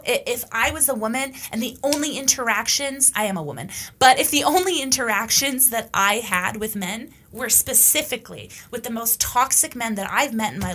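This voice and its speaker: A woman talks through a casual, opinionated podcast monologue. Her voice sits slightly high and rings bright and forceful. She drives her points home bluntly and emphatically, dropping in the occasional curse. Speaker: podcast host.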